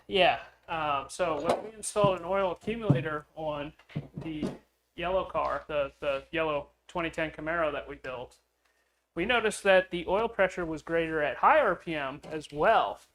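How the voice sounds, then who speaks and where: A man's voice: on the high side, normal speed, fairly bright tone, a little hiss or hum, poor audio. A man hosting a car-building video, telling a story casually with lots of fillers and chuckles. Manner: rambling, with frequent fillers and chuckles.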